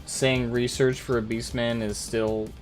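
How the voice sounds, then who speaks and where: A man hosts a game stream and chats with his friends, with a relaxed delivery and dry jokes. His voice sits at an ordinary pitch, with faint music behind. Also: a little slow. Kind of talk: casual gaming chat.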